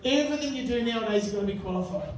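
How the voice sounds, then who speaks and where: A man's voice: very high-pitched, lively intonation, rapid-fire, darkish tone. A man doing a crude, chatty stand-up set in a pub, bantering with the crowd. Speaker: stand-up comedian. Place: live pub venue. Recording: echoey room, mic far off. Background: audience laughter.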